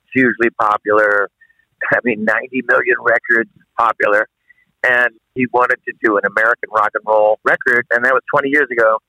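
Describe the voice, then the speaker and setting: A man's voice: mid-range voice, steady tone, fairly quick, vocal fry, pushed and bright, no echo. A man, a guest rock singer, rambling loosely and laughing easily while on speakerphone in a car. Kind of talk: casual interview by phone. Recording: phone line from a car.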